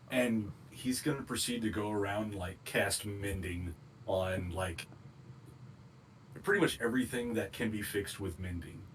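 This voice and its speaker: A man's voice: lowish voice, unhurried, long pauses, a little hiss or hum, low-quality recording. A man player in a tabletop game, laid-back and casual, describing his character's actions. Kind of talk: casual tabletop role-play.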